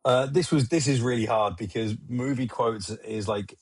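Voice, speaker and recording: A man co-hosting a podcast, chatting casually and telling lively, sweary stories that act out movie quotes. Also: mid-range voice, moderate pace, husky. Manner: animated, swearing storyteller who acts out movie quotes. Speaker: podcast co-host. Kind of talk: casual chat.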